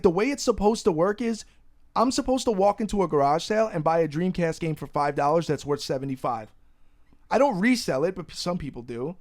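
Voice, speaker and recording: A young man with a fairly high voice hosts a laid-back podcast. He rants with lively energy and swears without a second thought. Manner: ranting, animated, swears freely. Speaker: podcast host. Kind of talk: casual podcast chat.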